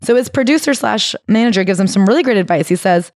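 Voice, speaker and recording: A woman's voice: medium pitch, expressive, fast, darkish tone, dry recording, clean studio sound. A woman co-hosting a book club podcast, recapping a memoir in casual chat and swearing now and then. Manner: reads quotes aloud and swears casually. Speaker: podcast co-host.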